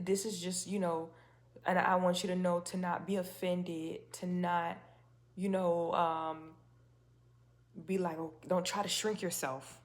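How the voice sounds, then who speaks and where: A lowish, darkish female voice leads a faith-based talk video in a casual, to-camera style. She comes across chatty and emphatic, often restarting and posing rhetorical questions.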